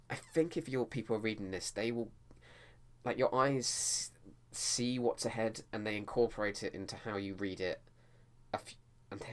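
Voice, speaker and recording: A man talking casually to camera about editing his book, rambling with frequent restarts. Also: lowish voice. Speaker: writing vlogger.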